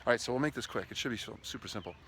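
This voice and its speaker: A man's voice: mid-range voice, racing, fairly bright tone, a little hiss or hum. A man casually vlogging outdoors near the water, chatty and enthusiastic, telling stories as he gives sales tips. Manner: chatty, enthusiastic, talks to his dog mid-video. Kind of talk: casual outdoor vlog monologue. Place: outdoors by a lakeshore with lapping waves.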